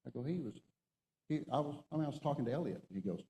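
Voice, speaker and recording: Dark-voiced retired Marine colonel speaking. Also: male voice, medium pitch, expressive, rapid-fire, in a large hall, slight background noise, rough recording. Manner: storytelling, emphatic, exhorting. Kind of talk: motivational talk to a men's group. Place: stage before an audience.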